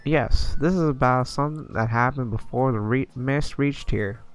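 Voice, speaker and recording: A man putting on an earnest, formal royal envoy with a thick Southern US drawl, pitched a little higher than a plain speaking voice and pushed out louder. He reads each line with stiff, dutiful formality, backed by faint game music. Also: normal speed, smooth, lightly acted. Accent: put-on Southern US.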